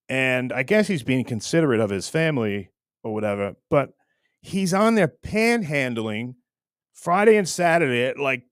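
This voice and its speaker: Guy ranting on his show, rambly and teasing, lots of restarts, pitch jumps all over, dry close sound. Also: no room sound. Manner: rambling, repeats words and restarts often, teasing. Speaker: online show host. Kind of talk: casual rant to camera.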